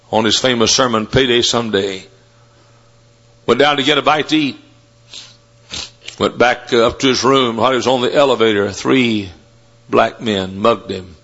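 A man preaching a sermon, telling stories and rising to loud, fervent shouts. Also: mid-range voice. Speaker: Baptist preacher. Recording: dull lo-fi sermon recording.

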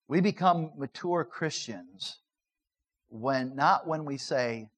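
A middle-aged pastor preaches a sermon built around a personal story, shifting between loud, emphatic lines and hushed, earnest narration. His medium-pitched voice is slow, and the recording quality is low.

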